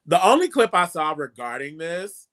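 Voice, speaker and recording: A man's voice: a little high, big pitch swings, moderate pace, sharp tone. A man co-hosting a live commentary show, chiming in casually with reactions and asides. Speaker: co-host. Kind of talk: live pop-culture commentary.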